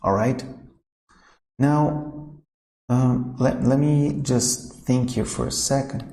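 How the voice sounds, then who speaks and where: A man's voice: mid-range voice, takes it slowly, gravelly, warm tone, echoey room. A man teaching a recorded math lesson, thinking aloud and correcting himself informally as he works.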